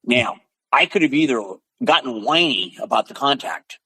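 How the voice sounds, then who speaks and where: A man in his seventies from the Pacific Northwest, a podcast guest telling animated stories in conversation, punctuated with sound effects. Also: medium pitch, normal speed, slightly rough, no echo, poor audio. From Pacific Northwest, USA. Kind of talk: storytelling in conversation.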